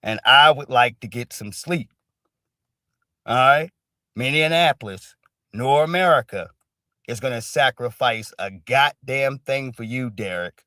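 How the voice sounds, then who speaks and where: A man giving off-the-cuff livestream commentary in a blunt, profane, emphatic way, dropping "all right" between every few words. His voice sits at an ordinary pitch for a man, and the recording is dry and close. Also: unhurried, pushed and bright, dry recording. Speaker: stream commentator.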